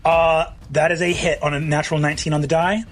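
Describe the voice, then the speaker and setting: A man acting as game master, narrating a tabletop game with vivid, animated description. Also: fairly high pitch, quick pace.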